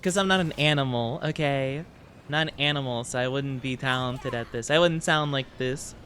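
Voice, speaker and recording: A man streaming a game and chatting playfully with his viewers, rambling and giggling, with sudden high squeaks. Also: moderate pace, fairly bright tone, slight background noise. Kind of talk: casual live-stream chat while gaming.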